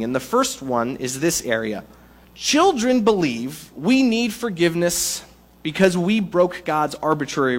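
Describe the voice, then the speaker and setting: A man preaching a sermon to a congregation, in a conversational, animated way with playful asides. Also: fairly high pitch. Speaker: pastor.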